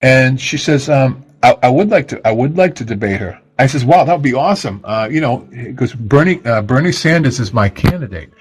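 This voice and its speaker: A man's voice: mid-range voice, expressive, a little fast, hardly any pauses, slightly rough, rough recording. A man hosting a casual radio talk show, rambling and self-deprecating with lots of fillers and restarts.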